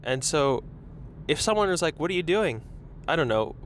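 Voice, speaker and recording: A man's voice: fairly high pitch, sing-song, normal speed, fairly bright tone. A young man hosting a podcast from his car on a lapel mic, chatting in a rambling, self-conscious way. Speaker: podcast host. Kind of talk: casual solo chat while driving. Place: in a car in traffic. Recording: faint road noise.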